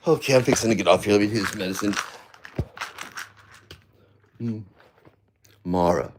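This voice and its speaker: A man ranting on a livestream from home, addressing absent people, swinging between heated shouting and low, tired muttering. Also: moderate pace, pauses often, slight background noise. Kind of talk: angry livestream rant. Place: at home, seated.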